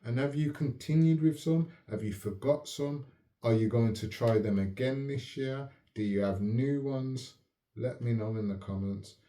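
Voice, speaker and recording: A man hosting his own channel, talking in a calm, measured, reflective way and often asking if the listener follows. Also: mid-range voice. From United Kingdom. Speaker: channel host. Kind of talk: reflective casual talk to camera. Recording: roomy echo.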